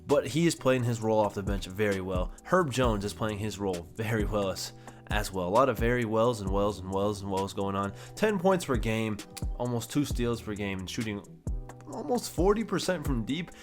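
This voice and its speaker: A man's voice: fairly low pitch, lively intonation, moderate pace, faint music behind. A young man casually commenting on a basketball video game, chatty and rattling off stats as he corrects himself. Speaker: gaming YouTuber.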